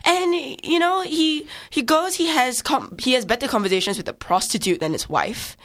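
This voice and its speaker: A woman's voice: high-pitched, expressive, normal speed, fairly bright tone. A woman co-hosting a casual film review chat, retelling plots in a rambling way and laughing often.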